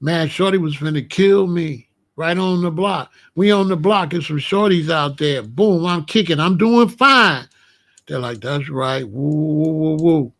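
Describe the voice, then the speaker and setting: Blunt, profane man. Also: a little slow. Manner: blunt, profane, streetwise storytelling; drops to low, quiet tones when recounting danger. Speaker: commentary channel host. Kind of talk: casual monologue.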